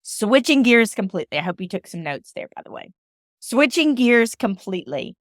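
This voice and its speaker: A woman's voice: a little high, very animated, moderate pace, dry recording, studio quality. A woman from Alabama giving a personal storytelling talk, emphatic and repeating phrases for emphasis. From Alabama, USA. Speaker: motivational speaker.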